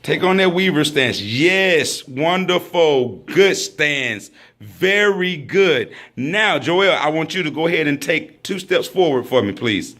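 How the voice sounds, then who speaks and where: A man's voice: fairly high pitch, lively intonation, slow pace, fairly bright tone. A man teaching a hands-on training class, praising often and calling out drill commands. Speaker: firearms instructor.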